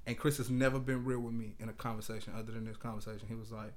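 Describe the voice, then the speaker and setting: Fast-talking young man telling a story. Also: medium pitch, flat delivery, darkish tone. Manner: storytelling, candid, profane slang. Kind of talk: casual group chat.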